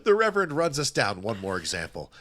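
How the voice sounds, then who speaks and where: A man co-hosting a podcast, recapping a film in casual chat with wry, animated storytelling. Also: mid-range voice, a little fast. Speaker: podcast co-host.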